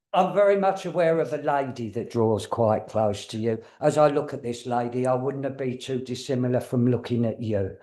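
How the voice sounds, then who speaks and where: A man's voice: mid-range voice, normal speed, warm tone, roomy sound. A man working as a spiritualist medium, chatty and joking, often checking in with the audience. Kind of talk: mediumship demonstration to a congregation.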